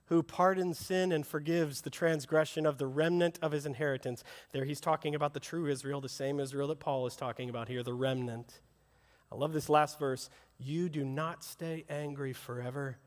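A middle-aged man preaching a sermon as pastor, swinging from loud rousing calls to hushed, intimate asides. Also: medium pitch, moderate pace. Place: church service, large hall. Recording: long hall reverb.

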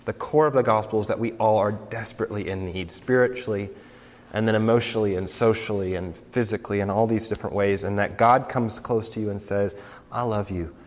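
Nasal-voiced young pastor with a cold, echoing hall. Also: male voice, fairly low pitch, fairly quick. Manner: relaxed, conversational, many fillers. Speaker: campus pastor. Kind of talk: casual sermon announcements. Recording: reverberant hall.

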